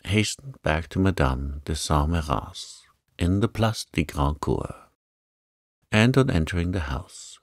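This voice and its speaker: Slow, deep, soothing male narrator. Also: gravelly, no room sound, clean studio sound. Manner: calm, soothing, unhurried. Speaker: audiobook narrator. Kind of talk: soft-spoken sleep-story reading.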